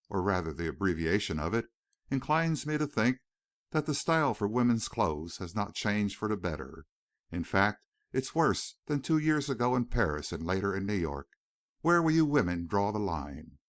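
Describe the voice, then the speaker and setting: A man's voice: on the low side, big pitch swings, moderate pace, dry recording, studio quality. A male narrator voicing an earnest, wistful young veteran turned rancher in an audiobook.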